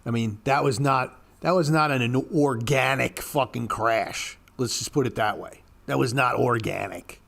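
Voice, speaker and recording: A man's voice: moderate pace, vocal fry, hardly any pauses, fairly bright tone. A man giving blunt, profane casual commentary on stock charts, ranting at panicked traders. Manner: mocks panicked traders in a high squeaky voice. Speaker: market commentator.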